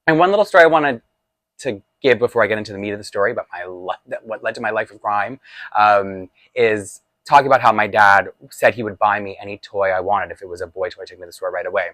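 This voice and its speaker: A man's voice: on the low side, fast talker, a bit bright, dry recording. A man in his forties telling a personal childhood story in a chatty, confessional way, laughing often. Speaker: vlogger. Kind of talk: storytime vlog.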